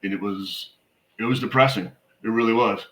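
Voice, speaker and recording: A man's voice: fairly low pitch, steady tone, normal speed, fairly bright tone, roomy sound, poor audio. A middle-aged man, a military veteran and suicide prevention educator, telling stories in a blunt, emphatic way as an interview guest. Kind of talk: conversational podcast interview.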